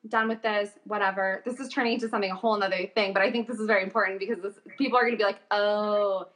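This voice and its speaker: A young woman chatting as an interview guest, telling stories in a lively way with plenty of fillers. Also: mid-range voice, very fast. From Calgary, Canada. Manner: chatty, animated storytelling with frequent fillers. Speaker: guest, voice actor and coach. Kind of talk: casual interview chat.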